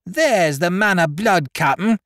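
A screechy scared sailor, high and whiny, dry close mic. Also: male voice, expressive, a little slow, fairly bright tone, no echo. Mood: shrill accusing. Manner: shrill, pleading. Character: shrill frightened male sailor accusing a shipmate.

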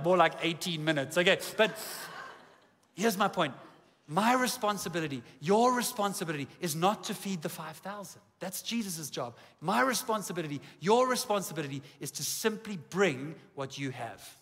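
A South African man in his forties preaches to a church, his voice high and bright as he mixes jokes about himself into the message. He speaks from a stage in a big auditorium, and a long hall reverb trails each line. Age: 40s. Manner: humorous, self-deprecating storytelling, lively. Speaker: pastor. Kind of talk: sermon.

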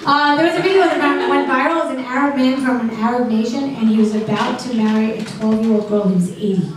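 A middle-aged woman performs a stand-up set on a comedy club stage, delivering dark jokes in a dry, deadpan style at a quick pace and bantering with the audience. Her voice is slightly high. The recording is noisy and echoey, captured from far off in a roomy club.

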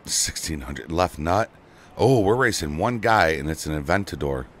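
A man chatting casually with viewers while he streams a racing game, excitable and prone to sudden shouts into his desk microphone. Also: very deep voice, moderate pace, a little hiss or hum. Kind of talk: casual live-stream chat.

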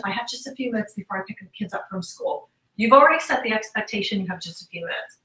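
Lady giving a motivational business talk, acts out convos, bright voice, kinda far off in an echoey room. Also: a little high, fairly quick. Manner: animated storytelling, acts out quoted conversations. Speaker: guest speaker and sales trainer.

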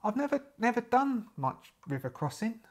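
A woman's voice: fairly high pitch, sing-song, normal speed, voice pushed up. A man doing a nervous American woman. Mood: worried. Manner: hesitant, stammering. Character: nervous young woman, a weak swimmer.

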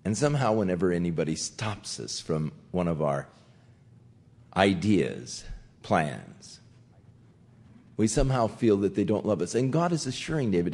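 Older male pastor, conversational Bible teacher, animated pitch, gentle and unhurried. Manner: gentle conversational teaching, acting out quotes softly.

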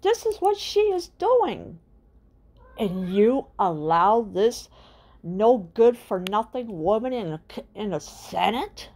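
Slow, indignant woman ranting. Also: mid-range voice, big pitch swings, darkish tone. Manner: indignant, repetitive, hammering rhetorical questions. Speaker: channel host. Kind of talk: political rant to camera.

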